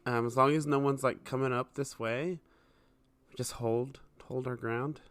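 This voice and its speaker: A man playing a tabletop game who talks in a calm, cautious way. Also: mid-range voice, measured pace, clear, resonant tone, no room sound. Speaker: player. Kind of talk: tabletop game play, casual.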